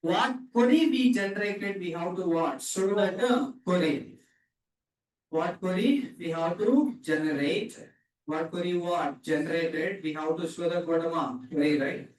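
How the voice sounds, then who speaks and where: A man's voice: high voice, measured pace, far from the mic. A man teaching programming to a class, repeating questions and having students answer back. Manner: repetitive, quizzing students with short questions. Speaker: programming instructor. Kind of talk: classroom lecture with call-and-response. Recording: echoey room, speaker off-mic.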